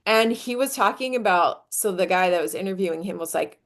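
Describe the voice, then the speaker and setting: Chatty woman hosting a live stream. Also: fairly quick. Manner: chatty, filler-heavy, jumps up high when demonstrating energy. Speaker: host of a live business coaching stream. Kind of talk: casual live-stream talk.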